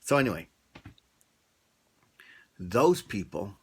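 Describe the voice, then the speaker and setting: A man's voice: lowish voice, very animated, takes it slowly, gravelly, breathy edge. A man vlogger telling a story in a casual, chatty way and asking his viewers questions.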